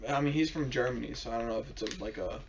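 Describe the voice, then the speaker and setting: A man's voice: medium pitch, fast talker, creaky. A young man chatting casually on a podcast, his talk loose and slangy and full of swearing as he acts out stories in quoted voices. The recording is muffled and lo-fi, with a faint hiss underneath. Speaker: podcast co-host. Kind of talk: casual chat. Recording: dull lo-fi sound with faint hiss.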